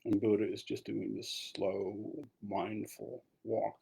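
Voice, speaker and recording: A man's voice: lowish voice, little pitch movement, slow, creaky, dark tone, slightly rough. A man giving a dharma talk as a meditation teacher, telling a story in a casual way with asides.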